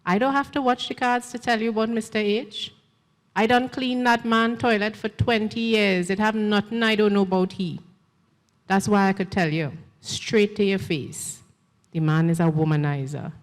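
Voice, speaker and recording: A woman's voice: medium pitch, fairly even intonation, moderate pace, natural voice. A woman with a Trinidadian accent voicing a stern, stone-faced old female fortune-teller who speaks bluntly in Creole. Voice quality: blunt, matter-of-fact Creole speech. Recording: long hall reverb.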